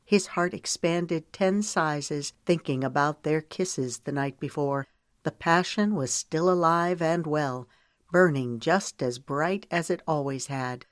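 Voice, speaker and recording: A woman narrating a romance audiobook in a measured, even storytelling manner. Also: deep voice, no echo, studio quality.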